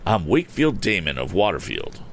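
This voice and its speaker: A man's voice: low-pitched, wildly swooping pitch, brisk, a little hiss or hum, heavily acted. A man voicing a shaken, injured male stranger who speaks faintly and stammers but stays determined, in a storybook reading.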